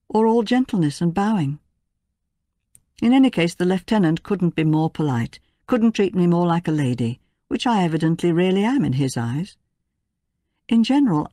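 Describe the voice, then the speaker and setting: A woman narrating a first-person memoir in a measured, quiet audiobook reading. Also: on the low side, no echo, studio quality.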